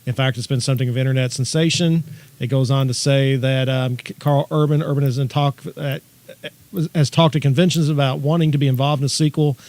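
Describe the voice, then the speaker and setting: A man co-hosting a casual podcast chat, telling stories quickly and excitedly and reading news items aloud. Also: medium pitch. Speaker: podcast co-host.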